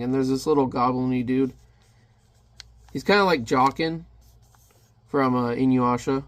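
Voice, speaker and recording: A man's voice: mid-range voice, normal speed, pauses often. A man casually reviewing a comic, chatty and joking as he narrates the panels. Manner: chatty, jokey asides.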